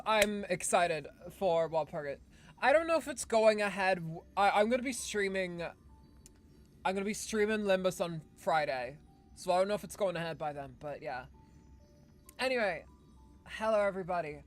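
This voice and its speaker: A woman's voice: lowish voice, animated, normal speed, faint music behind. A woman streaming live, chatting casually and playfully, with a hyped game-show-host delivery and frequent restarts. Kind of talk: casual livestream chat.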